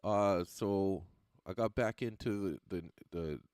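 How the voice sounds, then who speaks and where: Low-voiced man rambling on a livestream. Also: slow pace, a little mellow, clear, resonant tone, no room sound, studio quality. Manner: rambling, loose and profane, laughing at his own lines. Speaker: stand-up comedian and livestreamer. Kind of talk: casual livestream chat with viewers.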